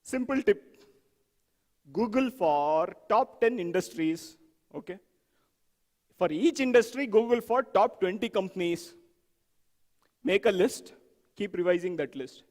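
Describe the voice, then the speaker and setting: A man giving an animated conference talk on software testing, asking the audience questions and acting out examples. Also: high voice, a little slow, pauses often, long reverb tail.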